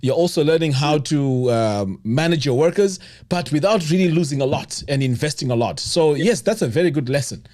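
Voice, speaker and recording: A man's voice: fairly high pitch, lively intonation, brisk, few pauses, darkish tone. A man hosting a live stream, chatting casually and agreeing often with his guest. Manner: chatty, frequent agreeing murmurs. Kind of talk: casual interview chat.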